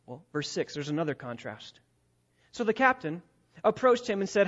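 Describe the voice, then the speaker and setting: A man preaching an expository sermon, emphatic and repetitive, swinging between loud and quiet. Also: a little high, expressive, fairly quick, highs cut off.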